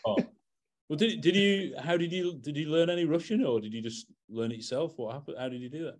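A man co-hosting an interview, reacting quickly and chatting. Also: a little high. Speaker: co-host interviewer. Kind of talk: casual interview chat.

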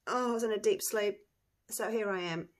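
A woman who runs a resin craft channel, chatting to viewers in an excitable, gushing way while she works. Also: mid-range voice, moderate pace. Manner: excitable, gushing, talks to viewers as you guys. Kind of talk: casual chat while crafting.

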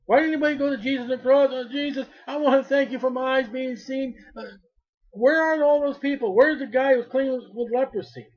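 A man's voice: very high-pitched, brisk, lo-fi sound. A male preacher giving a fervent sermon, repeating his phrases and rising to cries when he quotes.

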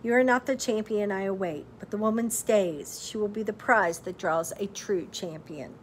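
A woman's voice: mid-range voice, normal speed, slight background noise, lightly acted. A woman doing a stern old hag. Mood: commanding. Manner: stern, commanding. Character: old female sorceress, cryptic and commanding.

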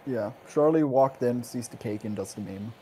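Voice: mid-range voice, moderate pace, mellow, low-quality recording. A tabletop player chatting casually and fumbling for words. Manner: rambling, searching for words. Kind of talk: casual game chat.

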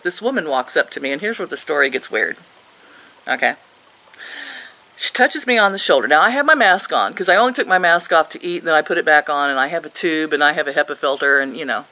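A woman's voice: sits low, sharp tone, low-quality recording. An older woman from Missouri, sitting outdoors and chatting to camera as she tells a rambling story with frequent laughs. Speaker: vlogger.

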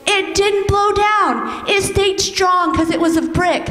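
A woman with a high, bright voice tells a story to a group of children at church, coaxing them to join in on cue. She speaks slowly and sounds echoey, from a distance in a large hall with long reverb. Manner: animated, coaxing, leads children in call-and-response. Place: church sanctuary.

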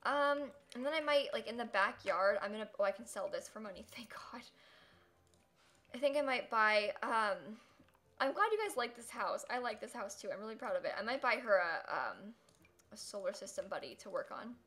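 A young woman streaming a life-sim game, chatting casually with viewers, giggling often and quick to dramatic outbursts. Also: on the high side, lively intonation, bright, forceful tone. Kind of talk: live gameplay commentary.

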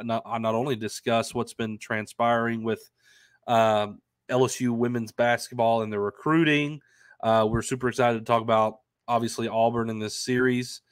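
Man, stuffy nasal voice, excited sports chatter, medium pitch, dry remote mic. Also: no echo. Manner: upbeat, chatty, lots of fillers and restarts. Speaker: co-host. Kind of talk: casual sports talk stream. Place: at home in Arkansas. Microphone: remote stream microphone.

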